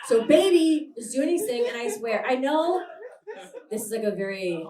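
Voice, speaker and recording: A woman's voice: on the high side, sing-song, normal speed, warm tone. Brash woman doing stand-up in a roomy venue. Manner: brash, rambling, self-deprecating, laughs through lines. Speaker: stand-up comedian. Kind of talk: stand-up comedy set. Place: live comedy show in a small venue. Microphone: handheld stage mic. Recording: roomy venue, mic picked up from a distance.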